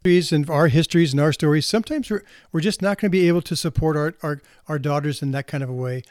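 A man's voice: fairly high pitch, quick pace, darkish tone, no room sound. A man speaking earnestly as a counselor to parents, often restarting and repeating words as he talks. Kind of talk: reflective spoken talk.

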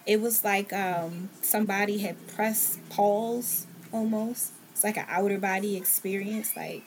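A woman speaks on a remote call from a room at home, with faint ambient noise behind her. She tells her story earnestly, switching into the voices of the people she quotes. Her pitch sits in an ordinary middle range. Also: fairly even intonation, a little slow, few pauses. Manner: earnest, relives scenes by quoting others' words. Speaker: podcast guest. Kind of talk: personal storytelling in conversation. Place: at home, in a bedroom with a TV on.

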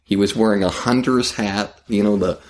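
A comedian telling a story in conversation, acting out scenes with frequent restarts. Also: male voice, fairly low pitch, moderate pace. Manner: animated, acts out scenes, trailing restarts.

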